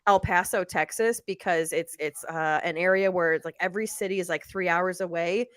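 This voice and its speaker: A woman's voice: fairly low pitch, moderate pace, no room sound. A woman lawyer chatting casually on a live video call, telling stories animatedly and laughing often. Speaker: lawyer co-host on a live stream.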